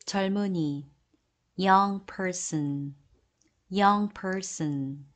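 A woman reads an English vocabulary list in a lowish voice. She gives each Korean term, then says the English phrase twice, slowly and deliberately.

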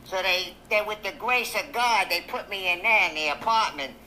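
A prank caller voicing a feisty elderly churchgoer who talks slowly and teasingly on a scam call. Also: medium pitch, bright, forceful tone, slight background noise, poor audio. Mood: scolding. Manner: slow, drawn-out, teasing. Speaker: scam baiter.

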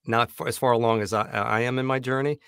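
A man who works as a voice actor, talking easygoing in a casual interview from his home studio on a boom-arm microphone. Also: fairly even intonation, fast talker, a bit bright, clear, resonant tone, no room sound. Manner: easygoing, dry self-deprecating humor. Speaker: voice actor and audiobook narrator guest.

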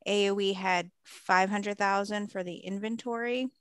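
A woman's voice: medium pitch, steady tone, moderate pace, fairly bright tone, smooth, no echo. A woman explaining funding details in a committee meeting, careful and methodical.

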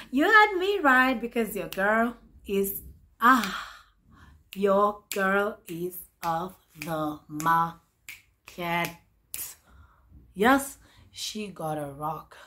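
A woman in her twenties chatting to camera as a vlogger, excitable and repeating her phrases. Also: medium pitch. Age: 20s. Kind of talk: casual chat to camera.

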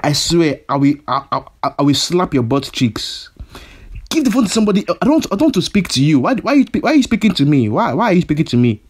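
A man's voice: mid-range voice, moderate pace, few pauses, husky, natural voice. A prank caller voicing a hot-headed male kidnapper who stammers and repeats himself, his threats escalating. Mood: furious. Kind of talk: prank phone call.

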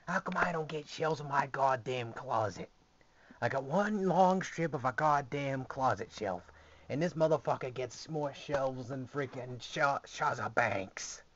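A man's voice: medium pitch, unhurried, a bit bright, dull audio. A man mimicking his jealous brother, complaining in a whiny, indignant voice.

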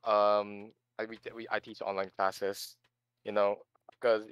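A young man co-hosting a casual podcast, easygoing and quick with quips. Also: lowish voice, level tone, smooth, no echo, dull audio. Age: young adult. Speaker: podcast co-host. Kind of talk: casual chat.

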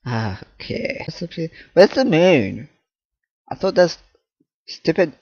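A man's voice: medium pitch, lively intonation, measured pace, darkish tone, no echo, dull audio. A man commentating his own horror game play, jumpy, swearing, laughing and talking to objects in the game. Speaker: gaming channel host.

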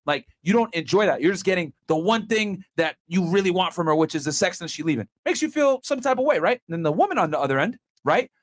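A man's voice: sits high, lively intonation, fast, hardly any pauses. A man hosting a podcast, talking casually and making his points with restarts and filler words. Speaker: podcast host. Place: podcast studio.

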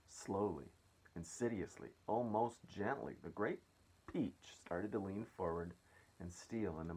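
Deep husky-voiced man reading a kids' book. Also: darkish tone. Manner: friendly, chatty asides to listeners. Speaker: story reader. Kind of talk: reading a children's book aloud.

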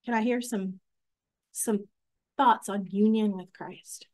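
A woman's voice: medium pitch, steady tone, slow, a little mellow. A young woman teaching a women's Bible study, earnest and chatty, with many fillers and restarts.

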